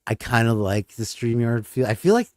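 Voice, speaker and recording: A man's voice: medium pitch, lively intonation, normal speed, a little mellow, dry recording, clean studio sound. A man hosting a livestream in casual chat, rambling and joking about himself. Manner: rambling, joking, self-deprecating. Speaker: stream host.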